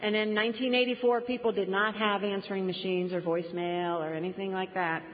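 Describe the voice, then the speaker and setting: A woman telling her story to a recovery meeting, slowing down to lean on key words. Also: mid-range voice, little pitch movement. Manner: storytelling, slow deliberate emphasis on key words. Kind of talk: personal testimony to a group. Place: meeting room before a group. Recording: dull recording with long hall reverb.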